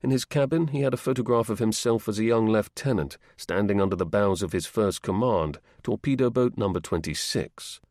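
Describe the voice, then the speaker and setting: Man reading an audiobook, kinda low and gravelly, steady and measured, dry close sound. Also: dry recording. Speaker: audiobook narrator. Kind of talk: scripted narration.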